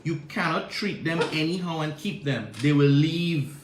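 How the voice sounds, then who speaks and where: High-voiced pastor preaching. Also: male voice, normal speed. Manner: rhythmic preaching with repeated rhetorical questions and call-and-response. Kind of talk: sermon. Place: church sanctuary. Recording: echoey church room.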